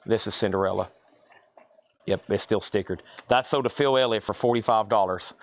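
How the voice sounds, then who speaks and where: A man with a lowish, fairly quick voice runs a live online sale indoors, calling out prices and buyers' names and thinking aloud as he sorts items.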